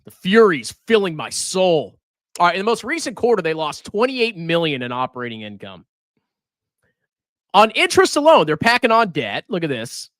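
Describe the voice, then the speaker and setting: Male stock streamer, sarcastic and insulting, voice swinging high and low, dry close sound. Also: big pitch swings, moderate pace, a bit bright, no echo. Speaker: personal finance streamer. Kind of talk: live stream stock commentary.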